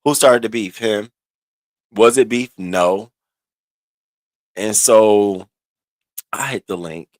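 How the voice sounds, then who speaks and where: Animated man telling a story casually. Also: on the low side, takes it slowly, pauses often, dry recording. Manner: animated, restarts and stammers, swings into quoted voices. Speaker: streamer recounting online drama.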